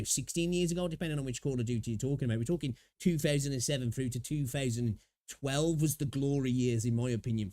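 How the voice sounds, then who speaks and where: A man's voice: mid-range voice, darkish tone, dry recording. A man hosting a live stream, chatting casually and rambling with many restarts and repeated words. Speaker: livestream host reacting to videos.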